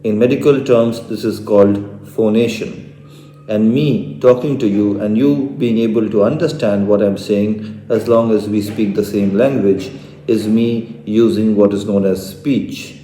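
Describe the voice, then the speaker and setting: A man giving a medical lecture as an ENT doctor, explaining clearly and asking rhetorical questions. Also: lowish voice, fairly even intonation, a little slow, warm tone, a little hiss or hum. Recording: echoey room, mic far off.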